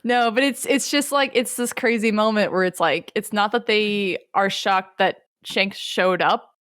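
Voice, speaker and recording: A young woman co-hosting a podcast, recapping a story in an animated, rambling casual chat. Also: mid-range voice, a little slow, no room sound, clean studio sound. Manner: animated, rambling, lots of fillers. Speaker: podcast co-host.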